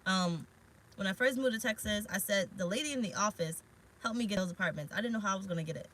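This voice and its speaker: A bright-voiced woman tarot reader talks straight to her viewers in a loose, rambling way. She is frank and swears casually as she speaks. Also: mid-range voice, quick pace, low-quality recording. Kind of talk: casual spiritual vlog talk. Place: parked car.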